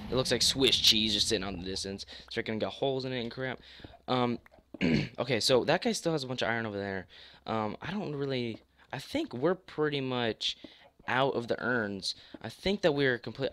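A young man giving live gameplay commentary, hoarse with a worn-out voice, excitable, repeating phrases and yelping as he plays. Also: medium pitch, no room sound. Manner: excitable, repeats phrases, yelps and laughs mid-sentence. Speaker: gaming YouTuber.

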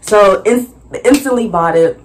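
A young woman vlogger casually recounting her vendor experience, acting out conversations with animated voices and frequent laughter. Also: unhurried, a little hiss or hum. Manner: animated, acts out dialogue with big pitch jumps and laughs. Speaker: vlogger and small business owner. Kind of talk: casual storytelling recap.

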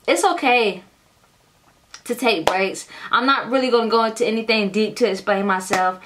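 A woman's voice: a little high, moderate pace, noisy background. A young adult woman vlogging casually, telling a storytime full of cursing and talking straight to her viewers as y'all. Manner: animated, profane storytelling, addresses viewers as y'all.

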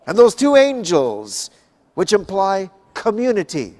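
Male Bible class speaker from Canada, slightly high, emphatic teaching delivery. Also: huge pitch swings, darkish tone. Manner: slow, emphatic, rising and falling for effect. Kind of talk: expository Bible talk.

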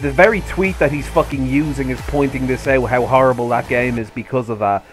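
A man's voice: mid-range voice, brisk, soft background music. Man ranting angrily, swearing constantly. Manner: profane, sarcastic, heated ranting. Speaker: commentary video host. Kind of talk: angry rant commentary.

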